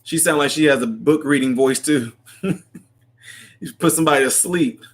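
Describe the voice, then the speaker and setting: A man's voice: fairly high pitch, normal speed, breathy edge. A man hosting a casual livestream, chatting and answering viewer comments in a rambling way, laughing often. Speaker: livestream host. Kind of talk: casual live chat reading comments.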